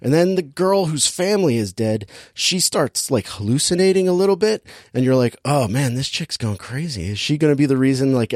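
A man casually recaps a film plot in an animated voice, laughing often and jumping way up in pitch when he mimics the characters. His pitch sits in an ordinary middle range, and the recording is close and dry with no room sound. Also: no echo. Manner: animated storytelling, acts out characters' lines with big pitch jumps; laughs often while talking. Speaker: podcast co-host recapping a movie. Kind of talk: casual chat.

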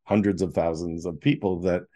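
A man's voice: deep voice, steady tone, normal speed, dark tone. A middle-aged man, an author, is a guest in an interview, animatedly telling a personal story, acting out scenes and laughing often.

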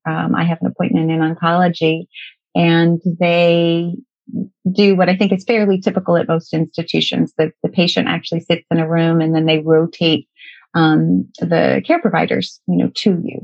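A woman's voice: lowish voice, little pitch movement, normal speed, vocal fry, a little mellow, no echo. A middle-aged woman telling a personal story in a conversational way, often restarting her sentences and quoting what people said to her. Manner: conversational, with frequent restarts and quoted dialogue. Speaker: guest sharing a personal story. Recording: dull lo-fi recording, dry.

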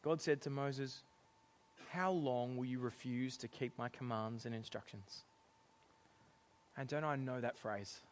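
A middle-aged man preaching a sermon, animated and often laughing as he acts out exasperated lines. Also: mid-range voice, measured pace, slight background noise.

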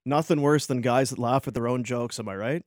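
A man's voice: mid-range voice, brisk, dry recording, clean studio sound. A man, co-hosting a sports radio show with casual, joking banter and reading listener messages. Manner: joking, reads listener texts.

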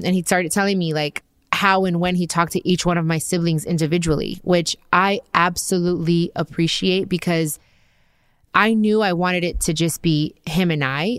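A woman's voice: deep voice, clear, resonant tone, dry recording, clean studio sound. A woman in her thirties hosting a podcast, telling a personal story in a casual, chatty way with lots of fillers and quoted dialogue. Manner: chatty, lots of fillers and restarts, animated quoting. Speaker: podcast host.

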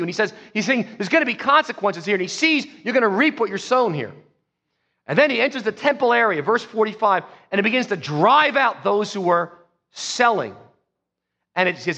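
A man preaching a sermon as pastor, telling the story emphatically and swinging between soft and loud. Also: sits high, big pitch swings, moderate pace, slightly rough, long reverb tail. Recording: dull lo-fi sound.

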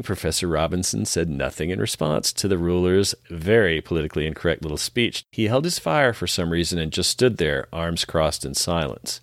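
Deep-voiced man narrating a recap. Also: lively intonation, normal speed, hardly any pauses, dry recording, studio quality. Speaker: podcast co-host recapping an episode.

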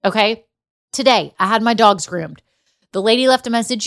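A woman's voice: fairly high pitch, normal speed, a bit bright. A middle-aged woman, a business coach telling stories in a casual motivational talk. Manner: chatty storyteller, addresses listeners as y'all.

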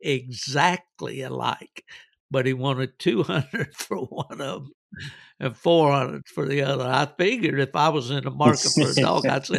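A man hosts a podcast, spinning rambling, folksy stories and chuckling as he goes. His voice is gravelly and sits at an ordinary pitch. It is recorded close and dry. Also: a little slow, fairly bright tone, no room sound. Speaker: podcast host. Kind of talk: casual storytelling.

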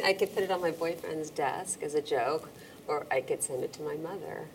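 Low-voiced woman chatting as a guest. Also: normal speed, vocal fry. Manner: rambling, searches for words, quotes people in voices. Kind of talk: casual interview chat.

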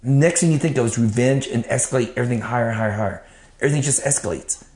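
Male guest, middle pitch, raw profane storyteller, recorded with a roomy echo. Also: racing, a little mellow, slight background noise. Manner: blunt and profane, acts out what he told himself. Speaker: interview guest. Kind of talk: personal storytelling, casual talk.

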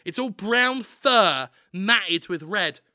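A man telling a comic story on a podcast, animated and laughing as he goes. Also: high voice, slow pace, no echo, studio quality. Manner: animated, laughing, acts out voices. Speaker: podcast co-host.

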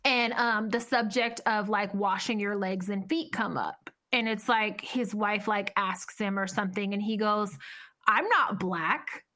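A woman's voice: mid-range voice, fairly even intonation, a little slow, hardly any pauses, a bit bright. A woman co-hosting a podcast, telling a story in casual chat, blunt and full of profanity. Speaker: podcast co-host.

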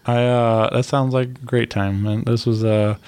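A man hosting a casual chat, speaking in a laid-back, halting way with many fillers. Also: medium pitch, level tone, a little mellow, smooth. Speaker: host.

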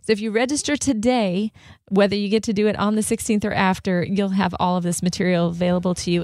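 A woman's voice: mid-range voice, steady tone, fast, a little mellow, no room sound, studio quality. A woman co-hosting a faith radio talk show, encouraging and upbeat as she chats and promotes an event. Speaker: radio co-host.

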